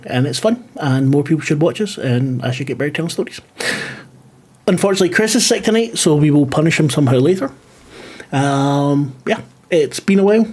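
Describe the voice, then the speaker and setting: A man's voice: fairly high pitch, darkish tone, breathy edge. A man hosting and running a tabletop game, chatty and joking with frequent swearing. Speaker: game master and host. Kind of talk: casual banter, sweary.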